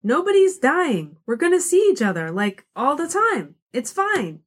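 A woman voicing a blunt, snappy young woman, a high school senior, who talks with brusque exasperation. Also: sing-song, a little slow.

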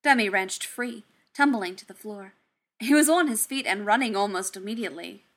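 A woman reading fan fiction aloud in a soft, unhurried storytelling manner. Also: medium pitch. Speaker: narrator.

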